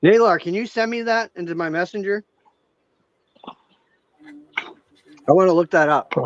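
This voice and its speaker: Higher voiced guy cohosting a stream, muffled lo-fi audio. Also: measured pace. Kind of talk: casual livestream chat.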